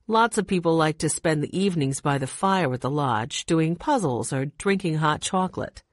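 Friendly chatty lodge owner lady from a storybook, low voice, dry close recording, read by a woman. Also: expressive, normal speed, no room sound.

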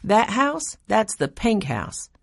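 A woman's voice: medium pitch, sing-song, slow pace, gravelly, dry recording, clean studio sound, pitched above the performer's own voice, exaggerated voice. A woman voicing a cheerful young college student in a storybook reading.

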